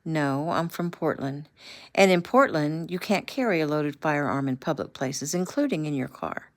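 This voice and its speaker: A woman's voice: low voice, normal speed, no room sound, clean studio sound, close to an everyday voice. A woman reading as a flustered city businessman. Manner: earnest, slightly flustered. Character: polite city businessman, nervous around guns.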